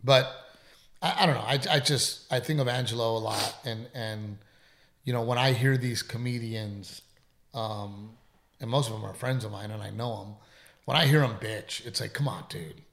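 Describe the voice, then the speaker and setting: A middle-aged man with a gravelly, creaky edge to his voice, chatting on a podcast at a middle pitch. He tells his story candidly and with emphasis, and he swears freely. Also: moderate pace, a bit bright. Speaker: comedian and podcast co-host. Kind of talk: casual storytelling chat.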